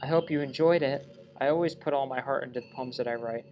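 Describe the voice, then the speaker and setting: A man's voice: medium pitch, fast talker, a little mellow, faint music behind, close to an everyday voice. Monika, a lovestruck game girl, read by a man. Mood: sweet. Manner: reads character lines in his own voice with small stumbles. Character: lovestruck young woman game character, obsessive. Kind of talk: let's play reading game dialogue aloud.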